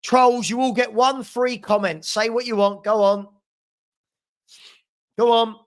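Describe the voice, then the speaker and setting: Young guy hosting a footy watchalong, high-ish voice, jokey and sarcastic with his chat. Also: steady tone, unhurried. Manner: sarcastic, bantering with live chat. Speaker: fan channel host. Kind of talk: live football watchalong chat.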